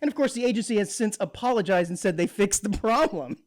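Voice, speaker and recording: A man hosts a radio talk show, his pitch swinging all over as he jokes and chatters. The sound is dry and close, straight into a studio mic. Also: fast, dry recording. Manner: jokey, laughs often, animated and chatty. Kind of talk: casual radio banter.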